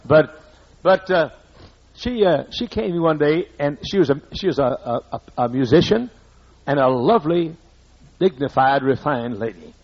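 Husky Southern preacher, older man. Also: fairly high pitch, animated, normal speed. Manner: folksy, repetitive, preacherly emphasis. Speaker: pastor. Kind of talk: sermon. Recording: muffled lo-fi sermon recording.

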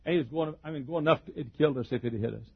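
A man preaching a sermon, telling stories, breaking into shouted exclamations and chuckles. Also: on the high side, rapid-fire, gravelly, breathy edge. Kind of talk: sermon with storytelling. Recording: dull lo-fi recording.

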